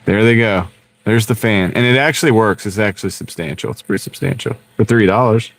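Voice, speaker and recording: A man with a fairly low voice speaks a little fast while running an informal live stream from his car. Wearing a wireless clip-on mic, he chats loosely, jokes with his audience and keeps bursting into laughter.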